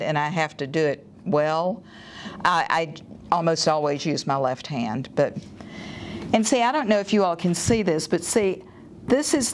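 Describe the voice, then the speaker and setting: A woman's voice: on the low side, a little mellow, slight background noise. Chatty woman artist painting live. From US South. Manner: chatty, enthusiastic, thinks aloud while painting. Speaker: artist giving a painting demo. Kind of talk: live painting demonstration, casual talk. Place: art studio or gallery room.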